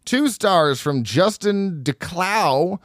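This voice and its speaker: A man co-hosting a horror film podcast in casual chat, animated and quick to laugh as he reads out reviews. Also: sits high, no room sound, studio quality. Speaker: podcast co-host.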